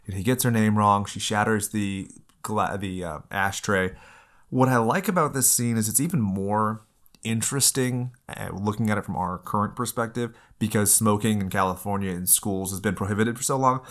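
A man in his thirties chatting about a movie with friends. His voice sits on the lower side, and he mixes close analysis with crude, animated jokes. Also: moderate pace. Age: 30s. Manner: animated, profane, jokey. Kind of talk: casual film discussion.

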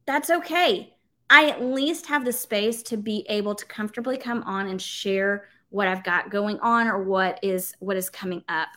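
A woman presenting a live workshop for educators, talking in an energetic, conversational way and reading chat comments aloud. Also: medium pitch. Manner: energetic, conversational, emphatic with filler words.

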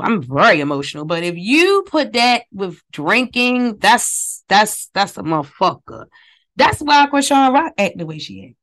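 A woman's voice: medium pitch, a bit bright. A woman hosting her podcast in a casual, rambling monologue. She swears a lot, wanders off topic and talks straight to her listeners, with her mouth close to a phone microphone. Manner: profane, digressive, talks to listeners directly. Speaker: podcast host.

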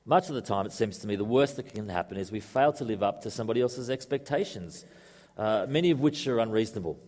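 A man's voice: fairly low pitch, animated, quick pace, a little mellow. A man preaching a sermon to a congregation in a conversational way, mixing in joking asides. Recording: echoey hall reverb.

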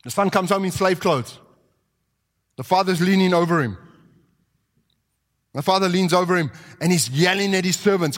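A man with a high voice preaches a sermon, telling the story vividly and acting out each character's lines. His voice rings with the long reverb of a large hall, as if recorded in a church sanctuary. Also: a little fast.

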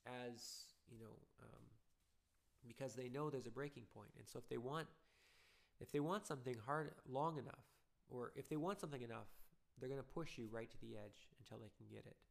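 A father talks earnestly and loosely about raising kids and often reaches for everyday comparisons. His voice has a gravelly edge and sits at a middling pitch for a man. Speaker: father giving parenting advice. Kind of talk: casual spoken talk.

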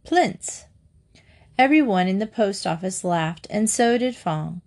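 A woman reading a children's book aloud in a slow, even narration. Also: mid-range voice.

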